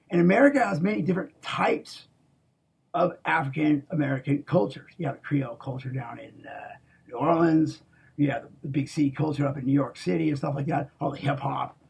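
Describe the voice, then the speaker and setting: Very raspy, gravelly man ranting. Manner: profane, repeats "okay?", restarts a lot; swings between loud outbursts and low mutters. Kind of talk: rambling monologue.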